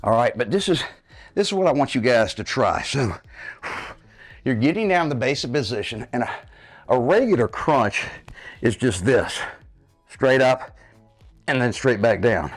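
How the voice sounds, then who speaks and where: A man's voice: mid-range voice, expressive, moderate pace, pauses often, soft background music. A man in his fifties leading a home workout, getting out of breath while he demonstrates the moves and checks in with his viewers. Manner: coaching, checks in with "okay, guys?". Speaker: fitness coach. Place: home living room.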